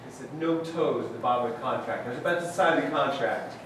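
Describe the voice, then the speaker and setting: A man's voice: medium pitch, fast, fairly bright tone, a little hiss or hum, natural voice. A man playing an exasperated, defensive father in an improv comedy scene, heard from far off in an echoey hall. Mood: rueful. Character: exasperated toeless middle-aged father.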